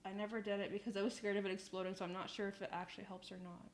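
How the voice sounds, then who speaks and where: A woman's voice: mid-range voice, level tone, rapid-fire. A young woman chatting casually on a live stream, reading out chat messages, laughing often and swearing in passing.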